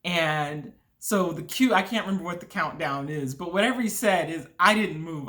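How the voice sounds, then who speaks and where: A woman in her forties telling a personal story to camera in an expressive way, laughing often and scattering "like" through her sentences. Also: lowish voice, normal speed, few pauses. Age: 40s. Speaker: vlogger.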